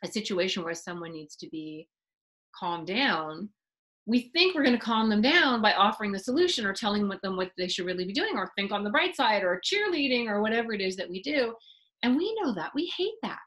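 A middle-aged woman teaching a parenting webinar, explaining with lively asides and acted-out examples. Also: mid-range voice, fairly quick, rough recording. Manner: animated, acts out parent and child voices mid-explanation. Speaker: parenting therapist giving a webinar.

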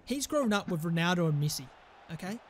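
A man's voice: sits high, sing-song, fairly quick, a little hiss or hum. Exasperated young man ranting over a game. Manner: exasperated, swearing outbursts at the game. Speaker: gaming channel host. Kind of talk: casual gaming banter.

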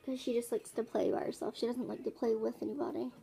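A woman's voice: fairly high pitch, flat delivery, fast, gravelly, warm tone, breathy edge, soft background music. Bored, tired young woman vlogging. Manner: rambling, bored, says "like" often. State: tired, yawning. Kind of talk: casual vlog narration. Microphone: phone camera.

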